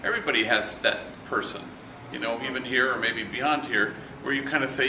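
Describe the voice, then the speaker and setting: A middle-aged priest giving a relaxed storytelling reflection at a morning meeting, sprinkling in Spanish slang and acting out the voices of the people he quotes. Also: medium pitch, a little fast. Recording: echoey room, from far off, noisy.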